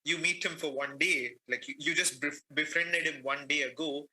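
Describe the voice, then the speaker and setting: A man's voice: on the high side, moderate pace, low-quality recording. A man from India on a comedy podcast panel, talking casually and expressively. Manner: expressive, laughs often. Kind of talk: casual chat.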